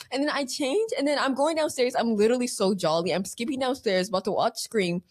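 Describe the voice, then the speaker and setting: Animated high-voiced young woman storyteller. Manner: animated, fast slangy storytelling with laughs. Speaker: podcast co-host. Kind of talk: casual storytelling chat.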